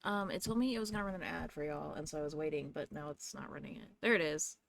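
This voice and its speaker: A woman's voice: low-pitched, fast, creaky. A young woman hosting a livestream at home, chatting and ranting casually with frequent swearing, a little out of breath. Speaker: livestream host. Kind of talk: casual chat to viewers.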